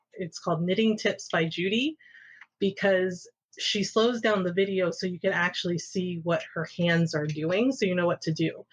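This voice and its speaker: A woman's voice: on the low side, highs cut off. Chatty woman telling stories with laughs. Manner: laughs often while telling anecdotes. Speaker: podcast guest. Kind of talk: casual storytelling.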